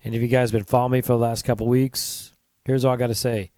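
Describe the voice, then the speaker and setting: Male podcast host, conversational and rambling, earnest, mid-low voice, dry close sound. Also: level tone, quick pace, dark tone, no room sound. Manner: chatty, rambling, earnest, with restarts and asides to listeners. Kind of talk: casual solo podcast talk.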